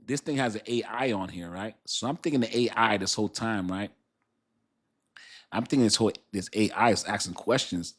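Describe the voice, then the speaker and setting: Brief: middle-aged male livestream host, slightly low voice, relaxed chatty delivery full of laughs and shout-outs. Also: a little fast, breathy edge. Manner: laughs often, shouts out viewers. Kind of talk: casual livestream chat.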